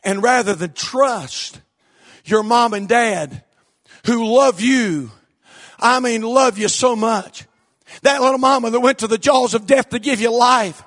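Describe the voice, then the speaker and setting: A male preacher delivering a fiery sermon, shouting and repeating his points with emphasis. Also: very high voice, a little slow.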